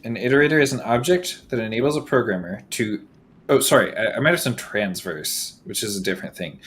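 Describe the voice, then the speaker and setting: A man's voice: fairly low pitch, a little fast, a bit bright. A man co-hosting a game stream in casual chat, rambling with many fillers and reading chat aloud. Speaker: streamer, co-host.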